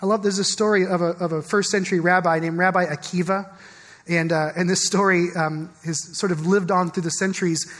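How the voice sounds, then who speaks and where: A man's voice: high-pitched, fairly even intonation, a little fast, a bit bright, big-room sound. A man preaching a sermon as pastor, speaking conversationally and often stopping to ask the congregation questions. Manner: conversational, repeats words and asks the congregation questions. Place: church sanctuary.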